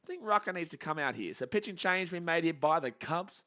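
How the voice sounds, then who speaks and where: A young man hosting a live baseball reaction stream, calling the plays casually and reading out chat messages with bursts of excitement. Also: medium pitch, normal speed, muffled recording. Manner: casual chatty commentary, reads chat aloud, excitable.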